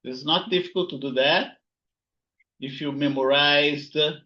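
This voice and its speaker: Male lecturer, slightly high voice, slow and deliberate, repeats terms, dull lo-fi recording. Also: steady tone. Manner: repeats key words, frequent "right?" and "here you go". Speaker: physics instructor. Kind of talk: recorded lecture while writing notes.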